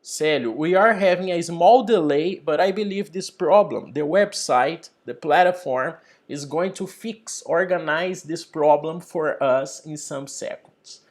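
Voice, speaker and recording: A man teaching an English lesson over a video call, slow and deliberate, building up example sentences. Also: fairly high pitch.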